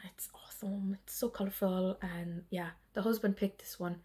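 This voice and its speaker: A woman's voice: medium pitch, fairly even intonation, moderate pace, hardly any pauses, a little mellow, husky. A tired woman chatting casually in a rambling way on her cross-stitch vlog, laughing often. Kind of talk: casual chat.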